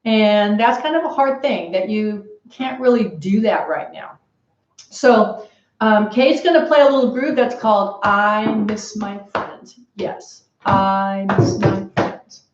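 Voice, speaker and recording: A woman's voice: mid-range voice, unhurried, a little hiss or hum. A woman teaching an online drumming lesson to kids, encouraging them and chanting short phrases in rhythm. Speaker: music teacher leading a drum lesson. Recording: echoey room, muffled sound, loud drum music.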